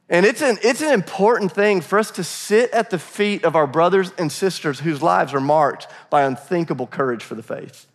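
A man's voice: high-pitched, lively intonation, normal speed. An American man preaching a sermon in a conversational way, with laughing asides and acted-out dialogue. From United States. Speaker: pastor.

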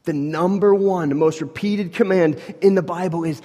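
A man's voice: high-pitched, normal speed. Man preaching in a reverberant hall. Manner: conversational, swings from hushed to loud, many "like" fillers. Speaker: pastor. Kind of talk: sermon.

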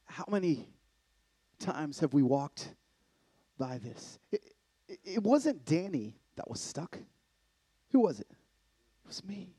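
A man preaching a sermon in an animated way, swinging from loud bursts to hushed lines. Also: fairly high pitch, slow pace, pauses often, breathy edge, dry recording. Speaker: conference speaker.

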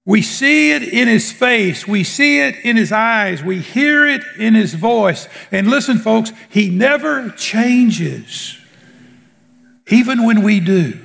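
Slow, gravelly preacher in a reverberant hall. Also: male voice, animated, a bit bright. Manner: slow, emphatic preaching with drawn-out words and sudden drops in pitch. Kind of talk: sermon.

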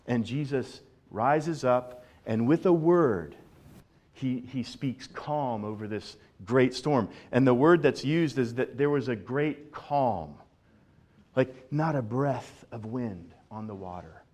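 A male pastor giving a sermon in a conversational, animated way, often repeating words as he builds a point. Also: medium pitch, slow.

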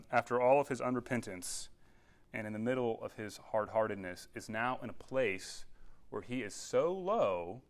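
A man's voice: medium pitch, a bit bright. A man, teaching a casual Bible lesson to young people and often checking in with his listeners. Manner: conversational, checks in with "all right?" and "okay?". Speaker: youth pastor.

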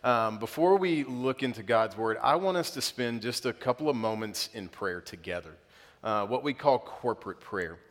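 A man's voice: medium pitch, animated. Male pastor, late 30s, earnest sermon delivery with surges of emphasis, church hall reverb. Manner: earnest, builds up with emphasis, halting restarts. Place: church auditorium.

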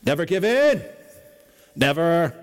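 A man putting on the voice of a grave elderly statesman, drawing out each phrase slowly and loudly. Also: very animated, clean tone, big-room sound. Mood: solemn, defiant. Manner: slow, booming, drawn-out delivery. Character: grave elderly male statesman giving a speech.

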